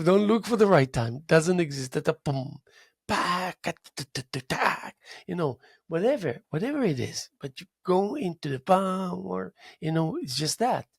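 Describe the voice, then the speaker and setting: A talk show host, a man with a gravelly, husky voice, tells a story in a casual monologue. His pitch swings up and down as he goes, and he mimics drum beats out loud. The sound is dry and close. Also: no room sound.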